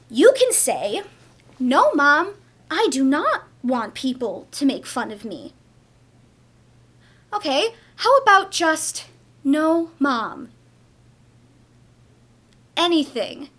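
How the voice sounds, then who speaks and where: A nagging, exasperated mother on stage, played by a woman. Her high, bright voice swoops widely as she coaxes and then snaps. She drags each demand out slowly. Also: exaggerated voice. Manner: nagging, swings between coaxing and shouting. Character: pushy exasperated mother scolding a silent daughter. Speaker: stage actor. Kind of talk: theatre monologue.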